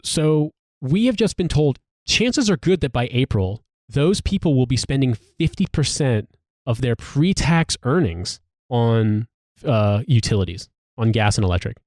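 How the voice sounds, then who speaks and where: A man's voice: medium pitch, expressive, measured pace, a little mellow, no room sound, clean studio sound. An American man hosting a podcast, talking in casual, profane, ranting commentary. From United States. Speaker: podcast host.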